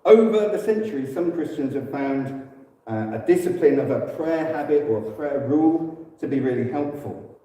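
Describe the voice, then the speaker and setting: A man with an English accent giving a relaxed, conversational teaching talk in church, with fillers and quick self-corrections. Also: on the high side. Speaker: church speaker. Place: church hall. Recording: echoey hall, distant mic.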